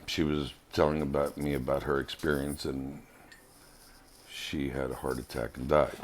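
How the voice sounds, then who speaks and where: A man giving an earnest, halting personal spiritual testimony as a vlogger. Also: very deep voice, flat delivery, a little hiss or hum.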